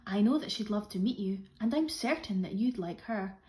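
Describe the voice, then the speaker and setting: A woman's voice: medium pitch, animated, moderate pace, lightly acted. A woman voicing a clever, polite female duck in a children's story, coaxing sweetly. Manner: bright, coaxing, then hushed and secretive.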